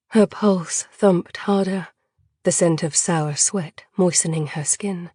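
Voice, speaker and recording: Woman narrator, audiobook, slow, husky, dry close recording. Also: on the low side, fairly even intonation, dark tone, dry recording. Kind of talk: scripted dark fantasy narration.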